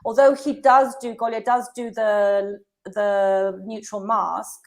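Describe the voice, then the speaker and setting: A woman in her fifties, a guest telling stories in a casual conversation, animated and laughing often. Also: mid-range voice, takes it slowly.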